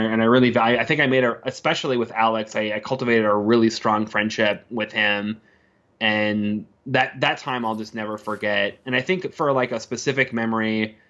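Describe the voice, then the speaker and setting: Animated man telling stories, dull audio. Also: on the low side, brisk. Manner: animated, laughs often, acts out quoted coworkers. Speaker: podcast guest, former video editor. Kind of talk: casual storytelling chat.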